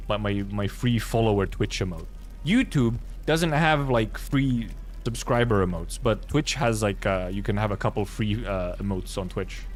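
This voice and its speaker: A man streaming, chatting offhandedly with viewers and joking and swearing between lines of a game story. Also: fairly low pitch. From Finland. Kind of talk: casual reading and chat with viewers.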